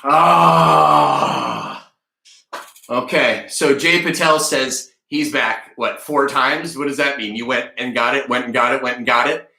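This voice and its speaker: A man teaching a live-streamed read-aloud lesson, chatty and energetic as he talks to the viewers in the chat. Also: mid-range voice, moderate pace, few pauses, roomy sound. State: a little out of breath.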